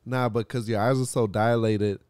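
A man hosting a podcast, telling animated stories in casual chat, swearing and laughing often. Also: medium pitch, moderate pace, clear, resonant tone, dry recording, clean studio sound. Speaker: podcast host.

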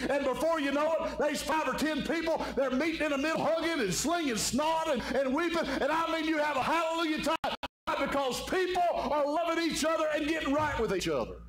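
A man's voice: extremely high pitch, brisk, fairly bright tone. A man preaching an evening sermon as pastor, fervent and fond of saying "my friend". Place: church sanctuary. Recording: echoey church room with faint hum.

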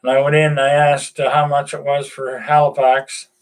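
An older man, casually chatting to his viewers in a rambling, folksy way with lots of pauses. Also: medium pitch, flat delivery. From Nova Scotia, Canada. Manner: rambling, folksy, many "uh"s and restarts. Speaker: vlogger. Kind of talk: casual chat to camera.

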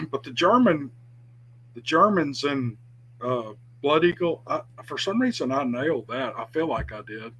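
A man's voice: medium pitch, expressive, measured pace, a bit bright, slight background noise, rough recording. A man chatting casually on a podcast, talking about doing character voices with some self-doubt. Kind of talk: casual chat.

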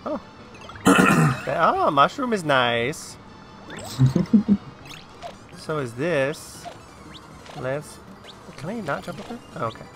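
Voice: mid-range voice, very animated, takes it slowly, long pauses, music in the background. A let's-play host giving playful, giggly commentary while playing a video game. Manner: giggly, playful, laughs often. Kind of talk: casual gameplay commentary.

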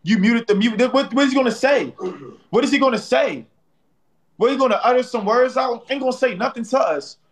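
A man with a very high-pitched, brisk voice hosts a livestream full of casual banter, playfully trash-talking and teasing his viewers and a rival. He's slangy, repeats phrases, and tacks "bro" onto his lines.

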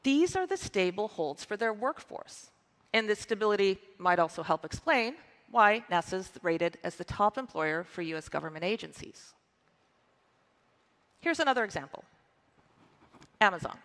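A woman's voice: medium pitch, a bit bright. Upbeat female keynote presenter, forties, emphatic delivery, large hall reverb. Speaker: conference presenter. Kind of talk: scripted conference keynote.

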